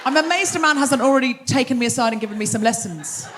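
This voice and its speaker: A woman in middle age hosts a comedy show in front of a theatre crowd, doing playful crowd work. Her voice sits somewhat high. A faint hiss runs under it. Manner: teasing, quick banter with the audience. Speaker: comedy podcast host. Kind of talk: live stand-up style crowd work. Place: theatre stage before a live audience.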